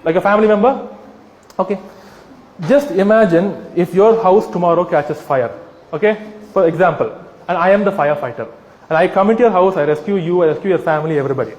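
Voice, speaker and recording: A man's voice: high-pitched, fast talker, a little mellow, roomy sound, long reverb tail, lo-fi sound. A man addressing a live audience, arguing with rhetorical questions and acted-out scenarios, sometimes mocking voices. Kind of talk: animated persuasive talk with acted-out scenarios.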